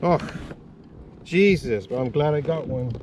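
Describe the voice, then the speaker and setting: A man vlogging while fishing from a kayak, talking excitedly to viewers and swearing often. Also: medium pitch, measured pace, background noise. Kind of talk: casual vlog narration. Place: on a kayak outdoors on the water.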